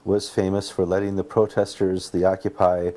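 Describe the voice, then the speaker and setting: An easygoing American man hosts a casual newscast, laughing readily and often restarting his sentences. His voice sits on the low side. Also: level tone, moderate pace, mellow, poor audio. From United States. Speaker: host. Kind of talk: casual news chat.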